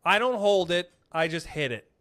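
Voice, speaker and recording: Young man telling stories, slightly high voice. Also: normal speed. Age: young adult. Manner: animated profane storytelling. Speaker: podcast host; comedian. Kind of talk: casual podcast chat.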